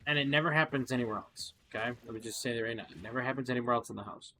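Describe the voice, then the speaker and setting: A man's voice: mid-range voice, rapid-fire, pushed and bright, a little hiss or hum. A tired man commentating casually on his gameplay, rambling with fillers and restarts. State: tired, yawning. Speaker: gaming channel host.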